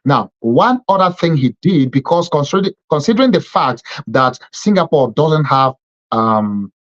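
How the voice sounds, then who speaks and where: A male TV host delivers a political commentary monologue in a slightly high voice. He drives his points home by stacking repeated phrases and pausing on fillers. The recording sounds dull and muffled. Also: animated, fairly bright tone. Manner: emphatic, repeats phrases in lists, frequent fillers. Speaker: TV program host.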